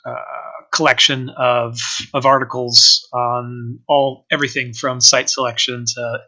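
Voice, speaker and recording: A man's voice: medium pitch, level tone, measured pace, sharp tone, poor audio. A man being interviewed about running an organic vineyard, talking casually with many ums and restarts. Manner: hesitant, lots of fillers and restarts. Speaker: organic winery owner, guest.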